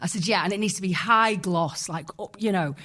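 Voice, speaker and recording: A woman talking as a podcast guest, chatty and candid, often quoting people in quick asides. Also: lowish voice, bright, forceful tone. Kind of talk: casual chat.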